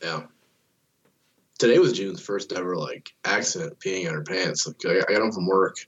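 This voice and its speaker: A man's voice: low-pitched, normal speed, fairly bright tone, breathy edge, lo-fi sound. A man in his thirties chatting casually as a podcast host, swearing freely and acting out quotes in a raised voice. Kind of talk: casual chat.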